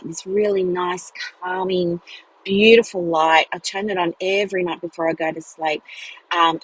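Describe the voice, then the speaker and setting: Chatty husky woman telling a story. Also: on the low side, low-quality recording. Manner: chatty, many "like" fillers and laughs. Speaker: podcast host, business mentor. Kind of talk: casual storytelling monologue. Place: in a car, driving.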